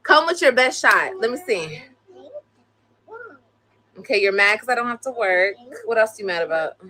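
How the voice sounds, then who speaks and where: A woman's voice: medium pitch, animated, normal speed, pushed and bright. A young woman on a casual live stream, blunt and profane, scolding her children between complaints about critics. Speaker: livestreamer.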